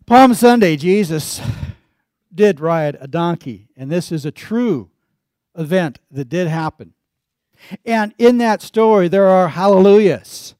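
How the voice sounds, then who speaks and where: A man preaching a sermon as pastor, telling stories in a folksy, lively way. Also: high voice, a little slow, dry recording, clean studio sound. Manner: folksy storytelling with lively emphasis.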